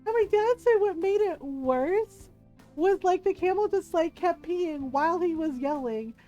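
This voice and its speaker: A high-pitched woman streamer chats casually as she plays a video game, telling a long story in a loose, rambling way. She leans on fillers like "like" and "right?" and breaks into laughter often. Faint game music runs quietly underneath her voice. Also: expressive, measured pace, dull audio. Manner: laughs often while talking. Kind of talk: casual chat while playing a video game.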